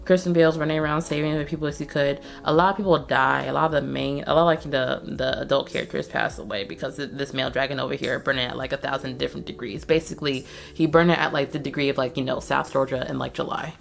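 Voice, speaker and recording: A woman hosting a casual movie recap, telling the story in a profane, slangy, animated way. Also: extremely low pitch, fast talker, creaky, hardly any pauses, soft background music. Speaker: host.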